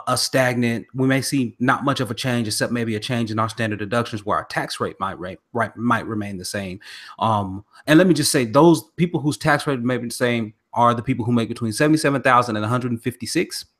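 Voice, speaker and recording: A man from the American South hosts a casual podcast over a remote call. He speaks at a middle pitch, earnestly and rambling, often restarting his sentences. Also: fairly bright tone. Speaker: podcast host.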